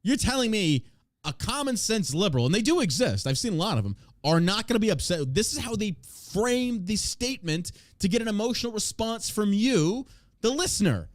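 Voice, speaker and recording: A man's voice: high-pitched, very animated, a little fast, dry recording, studio quality. A man hosting a podcast, ranting in a profane, sarcastic, casual way about politics. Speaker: podcast host.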